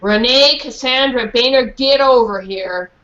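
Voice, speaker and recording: A woman's voice: fairly high pitch, lively intonation, normal speed, fairly bright tone, reverberant. Woman reading a stern scolding mother. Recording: dull lo-fi recording.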